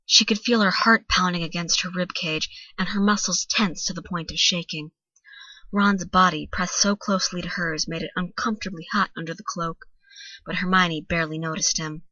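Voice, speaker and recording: A woman's voice: fairly low pitch, steady tone, moderate pace, pushed and bright, no room sound. A young woman reading a fanfiction story aloud, dramatic and building with the tension. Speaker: fanfiction reader. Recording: dull lo-fi home recording.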